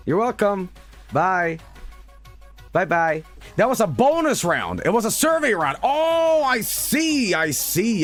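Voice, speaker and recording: A man streaming gameplay commentary in a casual, hyperbolic way, with mock-announcer flourishes and shouted swearing at losses. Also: mid-range voice.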